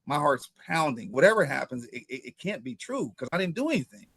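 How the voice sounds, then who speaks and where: A man in his fifties from Ohio, a former pro football player recounting his journey as an interview guest, with animated telling and frequent repeated words. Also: fairly high pitch, a little fast, few pauses, no echo. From Ohio, USA. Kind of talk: interview storytelling.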